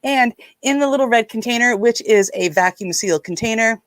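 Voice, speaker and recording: A woman's voice: on the high side, moderate pace, no room sound. A woman from Nova Scotia, hosting a casual live stream, chatty and rambling as she greets viewers by name. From Nova Scotia, Canada. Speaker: livestream host.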